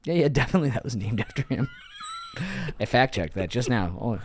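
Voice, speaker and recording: A man's voice: mid-range voice, normal speed, a little hiss or hum. A man in his thirties co-hosting a podcast, telling stories in casual chat, swearing freely and laughing often. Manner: profane, laughs often, animated storytelling. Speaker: podcast co-host.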